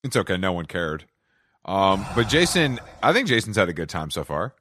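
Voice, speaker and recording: A man with a Southern American accent hosting a podcast, teasing his co-host in quick, casual banter. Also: deep voice, sing-song, fairly bright tone, slight background noise.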